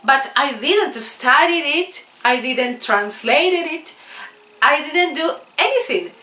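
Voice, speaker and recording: Slow, bright-voiced woman teacher, echoey. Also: high voice, animated. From South America. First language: Spanish. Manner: earnest, repeats points for emphasis. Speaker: English teacher. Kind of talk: casual video lesson. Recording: echoey room.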